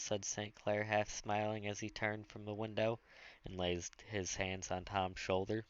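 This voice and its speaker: A man with a very low voice narrates a classic novel in a slow, measured way. The recording is dull and lo-fi, and it sounds dry, with no room echo. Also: steady tone. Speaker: audiobook narrator. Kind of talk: scripted audiobook narration.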